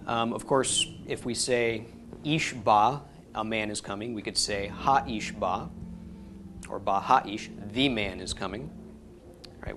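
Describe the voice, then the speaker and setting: Low-voiced man teaching a class. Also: noisy background. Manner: patient, explanatory, with many ums and restarts. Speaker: Hebrew teacher. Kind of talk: classroom lecture.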